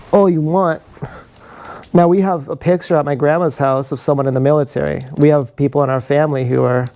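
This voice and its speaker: Man, gravelly fry, rambling confessional livestream talk, action-camera mic. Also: fairly high pitch, darkish tone. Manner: meandering, confessional, laughs at own stories.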